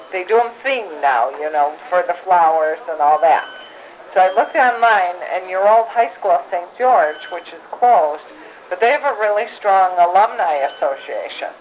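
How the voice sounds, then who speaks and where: Middle-aged woman, mid-pitched, gentle chatty interviewer, dull hissy home tape. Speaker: family interviewer. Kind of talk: casual family conversation. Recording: dull home recording with faint hiss.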